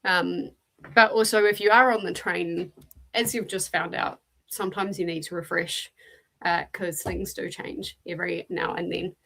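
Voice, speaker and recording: A woman with a New Zealand accent hosts a relaxed livestream, her voice carrying a gravelly, fry-touched edge. She chats loosely and greets viewers one by one as she reads and answers their messages. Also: lowish voice, normal speed. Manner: chatty, greets viewers by name and answers chat. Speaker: livestream host. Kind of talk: casual livestream chat.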